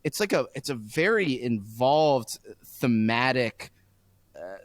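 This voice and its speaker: A man's voice: medium pitch, very animated, no room sound. A man co-hosting a podcast, chatting casually, rambling and laughing as he tells stories. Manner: rambling, laughing, drawn-out storytelling. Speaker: podcast co-host. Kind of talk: casual chat.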